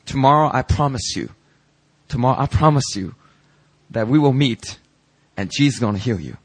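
A man, a pastor, telling a story in a sermon and acting out its dialogue with lively emphasis. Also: medium pitch, moderate pace, breathy edge. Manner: animated, acts out the dialogue in his story. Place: church sanctuary.

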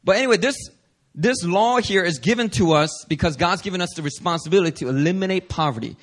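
Pastor, male, high-pitched, reads scripture then preaches, slows down on key verses. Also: lively intonation. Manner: reads scripture aloud, then preaches with rhetorical questions to the congregation. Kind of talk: sermon.

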